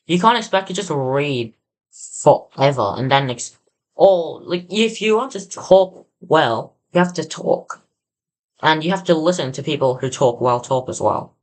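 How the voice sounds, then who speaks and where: A streamer with an Australian accent gives casual reaction commentary, halting and often restarting mid-sentence. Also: medium pitch, animated, low-quality recording. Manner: halting, with many restarts and self-corrections. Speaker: livestreamer learning Russian.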